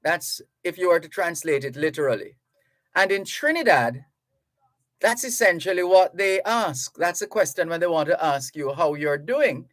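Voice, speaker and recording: A man's voice: on the high side, expressive, fairly bright tone, no room sound. A man from Jamaica hosting a radio talk show in a studio, chatting to listeners and reading out their messages. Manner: slow, chatty, reads listener messages aloud. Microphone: studio microphone.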